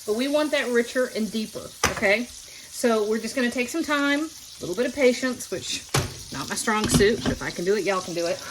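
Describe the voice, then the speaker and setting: A woman's voice: on the high side, animated, a little fast, background noise. A middle-aged woman, hosting a casual home cooking demonstration in her kitchen and chatting folksily straight to her viewers. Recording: kitchen sizzle and clatter behind voice.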